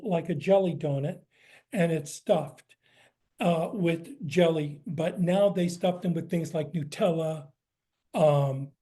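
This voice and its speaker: A man's voice: on the high side, dark tone. An American man, a cookbook author, answering audience questions in a chatty, explanatory way with frequent fillers. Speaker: guest speaker, cookbook author. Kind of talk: lecture Q&A.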